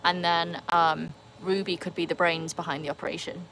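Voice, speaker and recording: Her voice is on the low side, gravelly and a bit bright, delivered flatly at a moderate pace over a little hiss or hum. She's a British woman on a phone livestream at home with her dogs, reading the chat aloud and answering it in a loose, "um"-and-"like"-filled ramble.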